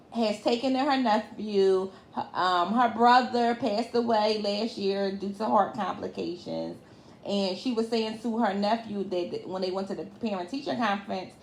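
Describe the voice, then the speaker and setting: A woman's voice: on the high side, roomy sound. A woman recapping a reality TV episode in a casual, colloquial chat, with lots of fillers and frequent laughs. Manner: chatty, colloquial, laughs often, many fillers.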